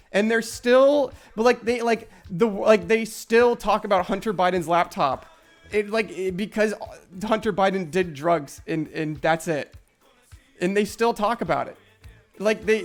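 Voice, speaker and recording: Over faint background music, a high-voiced young man talks casually during a gaming live stream. His frustrated rant is packed with profanity and repeated "like" fillers.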